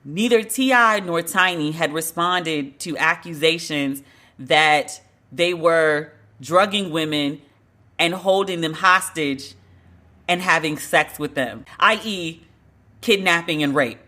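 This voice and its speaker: A woman's voice: deep voice, slow pace, bright, forceful tone. A woman hosting a podcast, giving blunt, wry gossip commentary with laughing asides and casual swearing. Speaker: podcast host.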